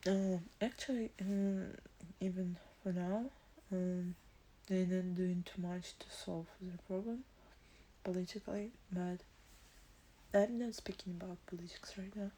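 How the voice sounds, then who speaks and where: Soft, halting young woman streamer. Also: on the low side, steady tone. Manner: halting, hesitant, searching for words. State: emotional, teary. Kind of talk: casual live stream talk.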